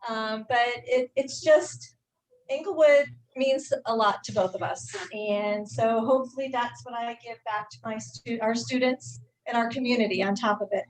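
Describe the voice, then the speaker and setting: A middle-aged woman with a slightly high voice gives an informal talk at a club meeting. She speaks in a halting way, with frequent fillers and restarts. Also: steady tone, poor audio. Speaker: high school teacher and staff speaker.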